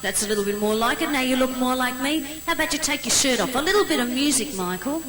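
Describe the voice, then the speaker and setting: A woman's voice: high-pitched, expressive, quick pace, crowd noise, poor audio. A woman performing on a ballroom stage, teasing and bossing a man about in playful live banter. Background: band music.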